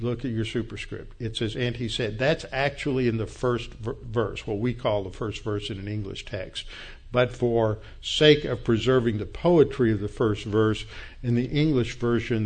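A man teaching through a Bible passage, explaining Hebrew words step by step in an unhurried, explanatory way. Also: mid-range voice, steady tone.

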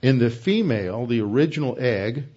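A man's voice: mid-range voice, lively intonation, mellow, muffled recording. Man teaching scripture, methodical. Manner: methodical, explanatory, with frequent "uh" pauses. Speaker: preacher. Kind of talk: expository Bible teaching.

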